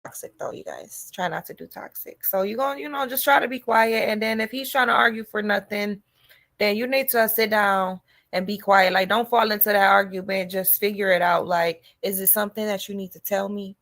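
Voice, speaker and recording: A woman hosting a podcast, delivering a loud, animated comedic monologue to her listeners. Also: mid-range voice, brisk. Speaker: podcast host.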